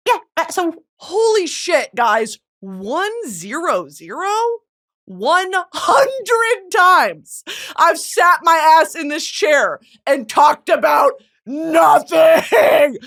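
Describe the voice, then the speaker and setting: Lively, swearing American woman podcaster. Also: fairly high pitch. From United States. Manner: animated, swearing, bursts of yelling and laughter. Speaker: podcast host. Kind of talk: casual comedic monologue.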